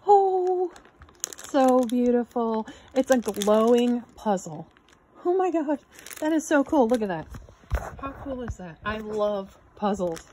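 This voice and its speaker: Gushing woman unboxing gifts, slow speech. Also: on the high side, warm tone, slight background noise. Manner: gushing, exclamatory. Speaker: channel host. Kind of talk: unboxing vlog.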